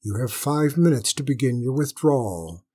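A man's voice: mid-range voice, expressive, normal speed, darkish tone, breathy edge. A man doing a stern space fleet commander. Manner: clipped, commanding. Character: stern male human space commander, firm and authoritative.

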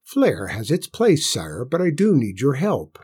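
A man with a husky voice voicing a determined, sharp-tongued spinster woman in a read-aloud fairy tale. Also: mid-range voice, wildly swooping pitch, heavily acted. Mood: brisk. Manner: brisk, reproachful.

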